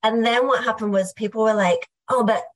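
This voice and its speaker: A middle-aged Australian woman, a guest entrepreneur, tells her story in a lively, fast conversational way, full of "like" and asides. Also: fairly high pitch. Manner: animated, fast, filler-heavy, uses "like" often.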